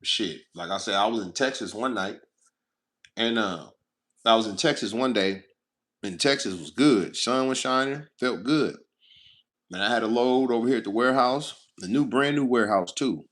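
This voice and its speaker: A man's voice: mid-range voice, moderate pace, fairly bright tone. A man who drives trucks for a living, talking casually to his viewers with blunt, heavily profane storytelling. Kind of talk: casual straight-to-camera talk.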